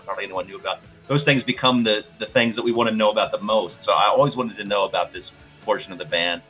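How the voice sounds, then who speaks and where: A man hosts a casual podcast chat in a slightly low voice. He talks with eager enthusiasm and tends to ramble. The sound is dull and lo-fi. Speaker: podcast host.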